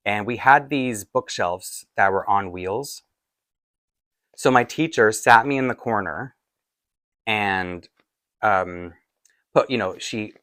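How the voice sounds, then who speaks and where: A man in his forties tells a personal story at a casual, halting pace, full of fillers and restarts. His voice sits low, and the sound is dry and close. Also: fairly bright tone, no echo. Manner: rambling, halting with many fillers. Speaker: doll collector vlogger.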